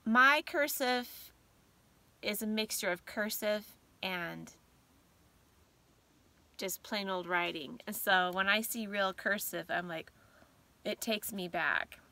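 Bright, slow-talking gushing woman vlogger. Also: mid-range voice. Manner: gushing and sentimental, reads aloud haltingly. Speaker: vlogger host. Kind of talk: casual vlog chat.

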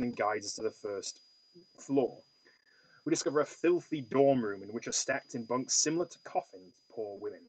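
A man hosting a solo detective board game play-through, reading the case aloud and thinking out loud with stammering restarts. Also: medium pitch, slightly rough, rough recording.

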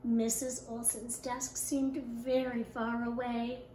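Teacher lady reading a kids book, slow and bouncy, echoey room, faint hum. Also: fairly high pitch. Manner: expressive, animated storytelling. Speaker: kindergarten teacher. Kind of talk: reading a picture book aloud.

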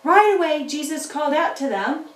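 A woman teaching children's church, telling a Bible story to young kids in an animated way and chatting with her puppets. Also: high-pitched, moderate pace. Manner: animated, talks back to puppets. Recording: roomy room, mic at a distance.

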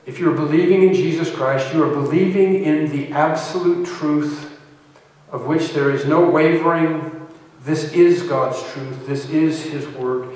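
A man's voice: on the high side, takes it slowly. A male pastor preaching a sermon, reading scripture aloud and then explaining it with restarts and fillers. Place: church sanctuary. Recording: echoey church hall, mic at a distance.

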